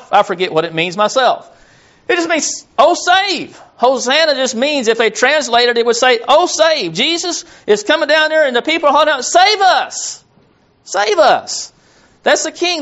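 A high-voiced man preaching a sermon. He rambles, stumbles over repeated words and loses his place as he reads. The recording sounds dull and lo-fi. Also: fairly bright tone.

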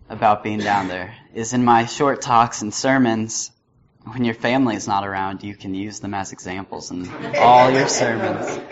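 Young man preaching, low and muffled. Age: young adult. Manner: storytelling, chuckling at his own anecdotes. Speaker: student preacher. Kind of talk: sermon with personal story. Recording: slightly muffled with faint noise.

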